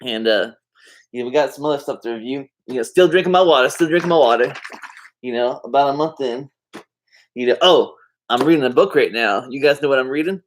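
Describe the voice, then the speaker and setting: Speaking a little fast in a mid-range voice, with a little hiss or hum in the background, this vlogger talks loosely to the camera. He wanders off topic, relaxed and slangy, with plenty of fillers.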